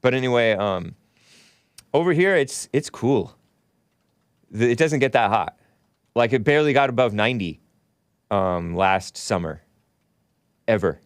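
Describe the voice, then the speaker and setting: A man's voice: mid-range voice, animated, unhurried, pauses often, clear, resonant tone, no room sound, clean studio sound. Congested man hosting a call-in show. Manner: chatty, rambling, laughs often. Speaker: talk show host taking calls and reading chat. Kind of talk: casual call-in talk show banter.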